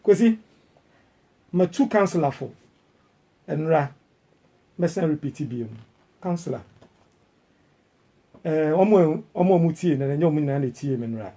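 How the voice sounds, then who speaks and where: A man's voice: a little high, animated, a little slow, long pauses, mellow. A Ghanaian man hosting a panel, pressing the point and repeating himself.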